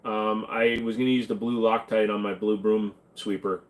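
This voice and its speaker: A man's voice: lowish voice, flat delivery, normal speed, a little hiss or hum. A man hosting a livestream, answering viewer questions in casual chat with a crude, joking, offhand manner.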